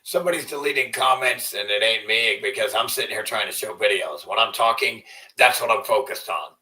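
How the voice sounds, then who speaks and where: A man's voice: fairly low pitch, brisk, sharp tone, far from the mic, poor audio. A man hosting a livestream in a rambling, profane way, often trailing off into mumbles. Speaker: livestream host. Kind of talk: casual livestream rant.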